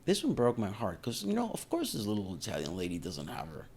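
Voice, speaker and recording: A man's voice: lowish voice, quick pace, very noisy. A man giving casual, indignant commentary on video clips. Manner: animated, indignant, reacting to clips.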